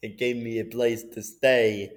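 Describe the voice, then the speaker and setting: Slow-talking, laid-back man. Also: mid-range voice, level tone. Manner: laid-back, agreeing, lots of fillers. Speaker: podcast guest. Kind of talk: casual chat.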